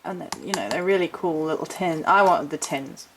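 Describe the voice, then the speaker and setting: A woman with a slightly low voice chats through a haul vlog, rambling and correcting herself. Her talk is casual and unscripted. A faint hiss sits under the recording. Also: brisk. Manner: chatty, rambling, self-correcting. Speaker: witchcraft vlogger.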